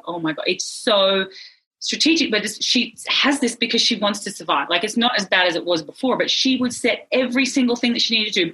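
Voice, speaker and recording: A woman's voice: mid-range voice, husky, rough recording. A woman guest telling an emotional personal story in earnest, sometimes close to tears, acting out the voices of people she quotes. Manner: earnest, tearful at times, lively quoted voices.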